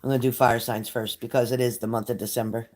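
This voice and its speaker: A woman's voice: very deep voice, flat delivery, fast talker, darkish tone. Emotional older woman chatting on a live stream. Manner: emotional, scattered, talks straight to viewers. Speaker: psychic reader hosting a live stream. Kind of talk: casual live-stream chat.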